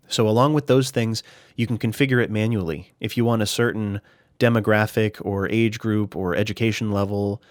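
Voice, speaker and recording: A man casually talking through his game mods in a relaxed, chatty way, with fillers and restarts, a little out of breath at times. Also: on the low side, no echo, studio quality. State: slightly out of breath. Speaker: gaming YouTuber. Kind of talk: casual screen-recorded tutorial commentary.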